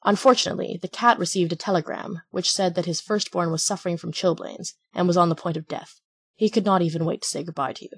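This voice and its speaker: A woman voicing a sly male innkeeper who makes quick, glib excuses, in a husky voice. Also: on the low side, steady tone.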